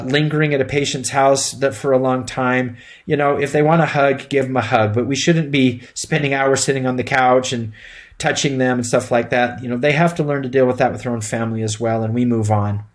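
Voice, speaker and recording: A middle-aged man giving an instructional lecture to emergency medical students, speaking plainly and conversationally with frequent fillers. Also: medium pitch. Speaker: EMT instructor.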